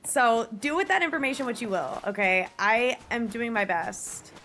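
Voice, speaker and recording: A woman streaming a game live, chatting casually and breaking into frantic shrieks and shouts when she gets scared. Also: fairly high pitch, lively intonation, normal speed, slight background noise.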